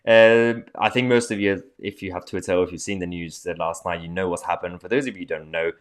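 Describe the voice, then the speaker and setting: A man with a fairly low voice hosts an online commentary show. He talks loosely and chattily to his viewers, full of ums and asides, with a sarcastic, mocking edge. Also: fairly even intonation, fast talker, smooth. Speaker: political commentary host. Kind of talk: casual commentary to camera.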